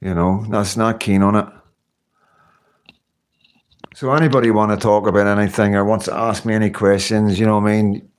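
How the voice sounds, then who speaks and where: A man's voice: on the low side, steady tone, fast talker, smooth. A man hosting a casual livestream, rambling through viewers' comments with lots of fillers and tag questions. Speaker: livestream host.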